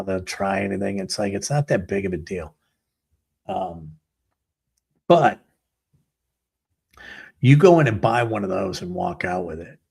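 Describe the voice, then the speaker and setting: Gravelly, sarcastic male talk host. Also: deep voice. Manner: sarcastic, rambling, exasperated. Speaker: sports talk show host. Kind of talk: ranting commentary.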